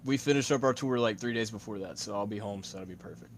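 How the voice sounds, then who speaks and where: A man who is a guest musician on a podcast, talking in an easygoing, reflective way and trailing off softly. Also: on the low side, fast talker, slight background noise. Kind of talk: casual podcast interview.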